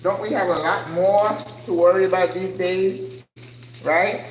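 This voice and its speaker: Chatty older woman cooking, slow talk. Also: lowish voice. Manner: chatty, animated, reads viewer comments aloud. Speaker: cooking channel host. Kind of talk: casual cooking livestream chat. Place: home kitchen. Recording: echoey kitchen with frying noise.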